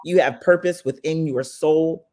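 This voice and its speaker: A woman's voice: low voice, a little slow, dark tone. A woman hosting a live online summit in casual, motivational chat. She sounds affectionate and upbeat, calling listeners "baby" and "y'all". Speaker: summit host.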